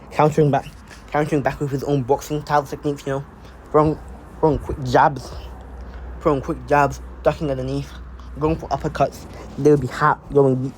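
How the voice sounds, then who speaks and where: A man casually improvising a fan-fiction story out loud, rambling with lots of fillers and restarts. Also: mid-range voice, slight background noise, low-quality recording.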